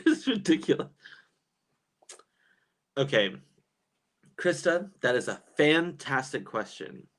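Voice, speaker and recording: A man in his thirties hosting a casual livestream and reading chat comments, animated and chatty with lots of fillers and laughs. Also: mid-range voice.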